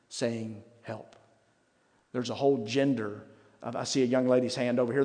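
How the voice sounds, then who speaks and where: A man's voice: mid-range voice, darkish tone. Middle-aged man preaching in a church hall. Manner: conversational and self-mocking, with dramatic pauses. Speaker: pastor. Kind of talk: sermon. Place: church sanctuary. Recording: reverberant church hall with faint music.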